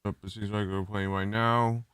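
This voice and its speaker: Bright, crisp-voiced male streamer. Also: lowish voice, little pitch movement, moderate pace, no room sound, clean studio sound. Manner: rambling, restarting sentences, exasperated about tech issues. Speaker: streamer hosting a watch party. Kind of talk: casual live-stream chat.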